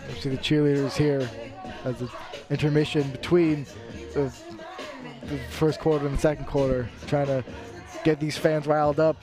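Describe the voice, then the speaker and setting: A man's voice: a little high, flat delivery, moderate pace, music in the background, a crowd in the background. A man giving casual color commentary on a live college football game, often repeating words as he talks. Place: outdoor football stadium broadcast booth.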